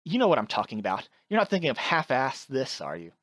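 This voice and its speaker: A woman's voice: a bass voice, very animated, fast, no echo, studio quality, full character voice. A woman voicing an earnest, stubborn, competitive girl who talks directly and insistently, over background music.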